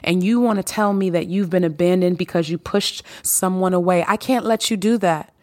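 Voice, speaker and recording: A woman's voice: on the low side, normal speed, darkish tone, no echo. Emphatic woman podcaster, dry sound. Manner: emphatic, preachy, repeats phrases for effect. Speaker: podcast host. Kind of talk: solo podcast monologue.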